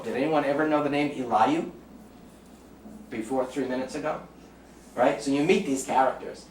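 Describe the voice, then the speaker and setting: A middle-aged man with a Bronx accent giving a chatty, joking talk to a live audience. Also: fairly high pitch. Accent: New York (Bronx). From the Bronx, New York. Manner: chatty, jokey storyteller with audience asides. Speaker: lecturer. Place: lecture room. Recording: roomy sound, from far off, faint background noise.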